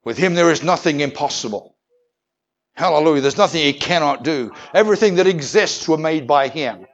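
A man preaching a sermon, moving from measured storytelling to fervent, rising proclamation with calls of hallelujah. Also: a little high, expressive, highs cut off.

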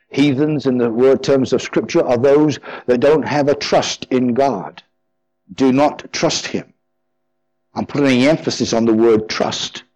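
A man's voice: mid-range voice, a little mellow, rough recording. A man preaching a sermon as pastor, fervent and emphatic, often repeating his phrases.

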